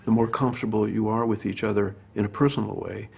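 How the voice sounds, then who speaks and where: A man, a film director, speaking in a measured, thoughtful way in an interview. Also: on the low side, flat delivery, creaky, background noise. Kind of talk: interview commentary.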